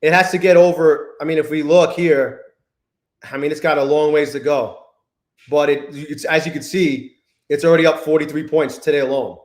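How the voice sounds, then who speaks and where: A man's voice: fairly high pitch, fairly even intonation, normal speed, reverberant. Cursing, exasperated man on a live stream. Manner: profane, exasperated muttering, greets chat by name. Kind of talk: live-stream trading commentary.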